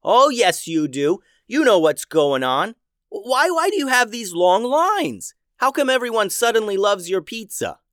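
A man voicing a hot-headed boy who runs a hot dog stand, shouting indignantly. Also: a little high, brisk, hardly any pauses, clean tone, no room sound, clean studio sound, close to an everyday voice. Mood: angry.

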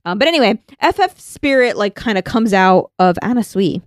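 A woman co-hosting a casual chat, retelling scenes with lively quoted lines. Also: mid-range voice, moderate pace, no echo, clean studio sound. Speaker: podcast co-host. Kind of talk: casual chat recapping an anime.

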